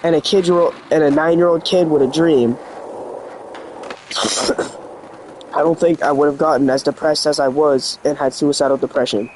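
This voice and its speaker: A man's voice: on the high side, steady tone, normal speed, long pauses, a little mellow, slight background noise, poor audio. A teenage boy vlogging in an earnest, rambling way, full of "like" fillers, his voice slightly sick and cracking. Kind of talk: confessional vlog talk.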